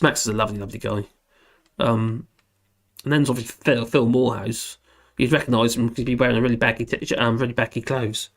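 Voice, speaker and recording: Hoarse rambling man. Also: mid-range voice. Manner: rambling, self-deprecating, laughs often. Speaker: livestream host. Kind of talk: casual livestream chat reading comments.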